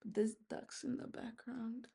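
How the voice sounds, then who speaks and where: A woman's voice: a little high, level tone, measured pace, creaky, warm tone, breathy edge. A young woman, chatting candidly and with strong opinions over a phone video call while braiding her hair. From South Africa. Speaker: vlogger. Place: at home, with ducks nearby. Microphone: phone on a video call with noise cancelling.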